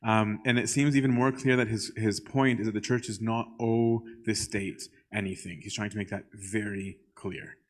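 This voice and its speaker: Priest, male, lower register; casual storytelling sermon, conversational, ums and check-ins. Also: steady tone, moderate pace, hardly any pauses. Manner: conversational, keeps checking in with "right?"; frequent filler "um". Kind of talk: storytelling church talk.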